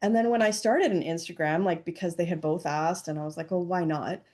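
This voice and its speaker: Mellow-voiced chatty woman guest. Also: lowish voice, steady tone, fairly quick. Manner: chatty, lots of fillers and "like". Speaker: podcast guest. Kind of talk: casual chat.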